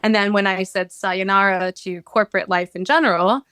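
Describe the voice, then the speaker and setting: A woman's voice: medium pitch, fairly even intonation, fairly quick, fairly bright tone, clear, resonant tone, dry recording. A woman talking as a podcast guest, enthusiastic, open and talkative. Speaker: guest, social media creator. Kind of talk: casual interview chat.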